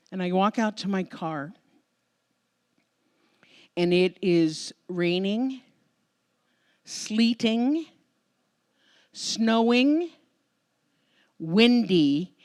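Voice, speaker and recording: An American woman minister speaks to her congregation at an unhurried pace, her pitch sitting in an ordinary middle range. She tells a personal story in a conversational, openly emotional way, as a Sunday sermon. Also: expressive, a little mellow. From United States. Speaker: minister giving the Sunday talk. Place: church sanctuary before a congregation.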